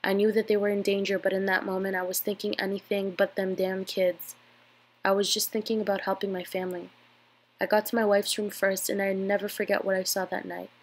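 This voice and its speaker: A woman's voice: medium pitch, flat delivery, fairly quick. A woman with a nasal, stuffed-up voice from a cold, reading a scary story aloud.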